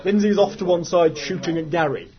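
A man narrating a tabletop horror game as game master, laughing often and making quick rulings. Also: high-pitched, steady tone. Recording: muffled, with table chatter behind.

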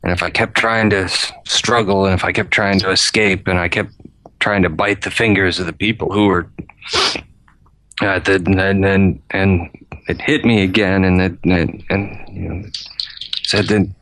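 A man's voice: low-pitched, steady tone, moderate pace, a bit bright, no room sound. A man voicing a rambling drunk who was beaten and held captive, stammering and repeating himself. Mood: rattled, rambling. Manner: stammering, trailing off, repeating words. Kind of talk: tabletop role-play voice.

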